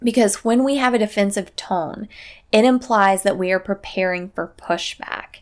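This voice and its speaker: A woman hosting a parenting podcast, giving calm, matter-of-fact advice in a scripted solo talk. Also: medium pitch, moderate pace.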